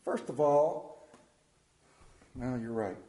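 Speaking at medium pitch and a slow pace, a middle-aged preacher with a rural Southern American accent tells stories during his sermon. His style is folksy and animated, with abrupt drops into quiet, and the sound is roomy.

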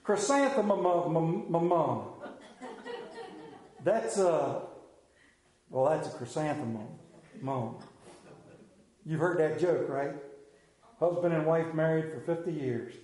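Male preacher, high voice, folksy and joking, echoey hall. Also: takes it slowly, long pauses, mellow. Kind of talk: Mother's Day sermon. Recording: roomy hall echo.

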